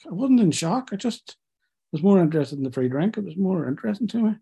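A middle-aged man recounts his past with candid, self-mocking honesty, stumbling over fillers. His voice is husky and mellow. He sounds close to tears. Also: sits high, expressive, fast. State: tearful. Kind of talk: personal storytelling to an interviewer.

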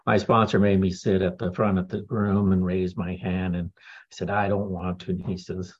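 Man, husky voice, candid testimony talk with dry humor. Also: low-pitched, level tone, normal speed, muffled recording. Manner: candid, wry storytelling with laughs. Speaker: speaker sharing a recovery story.

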